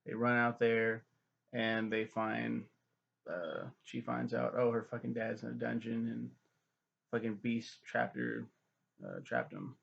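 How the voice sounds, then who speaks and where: A man giving a rambling, profane casual movie recap, slipping into quick voices for the characters. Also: mid-range voice, animated, creaky, highs cut off. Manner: loose, profane, mimics characters in quick asides. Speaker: film reviewer.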